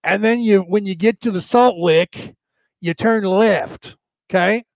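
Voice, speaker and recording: A sly country gas station man drawls his directions in a thick Southern accent, put on by a man. His voice sits high and the delivery is slow and mocking. The recording is dry and close. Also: vocal fry, a little mellow, no room sound. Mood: teasing.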